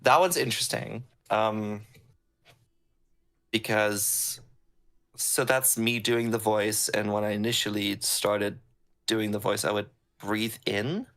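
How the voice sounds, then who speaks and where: A man working as a sound designer, chatting casually on a stream in a relaxed, rambling way with many pauses and ums, over a call microphone. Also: lowish voice.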